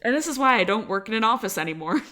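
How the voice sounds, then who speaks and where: A woman's voice: on the high side, expressive, rapid-fire, bright, forceful tone. A young adult woman co-hosting a podcast, telling stories in a chatty, casual way with a lot of "like" fillers. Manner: chatty storytelling, heavy on "like" fillers. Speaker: podcast co-host. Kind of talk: casual chat.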